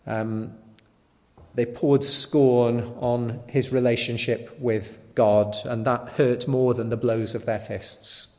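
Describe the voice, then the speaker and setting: A man preaching a sermon in a slow, deliberate way, sometimes asking the listeners rhetorical questions. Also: medium pitch. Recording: long hall reverb.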